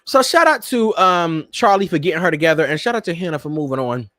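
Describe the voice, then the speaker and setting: A man's voice: fairly high pitch, fast talker, no echo, clean studio sound. A man hosting a casual pop-culture commentary show, sassy and campy, talking to his listeners like old friends. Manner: sassy, campy, animated, addresses listeners as "girl" and "Miss Thing". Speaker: podcast host.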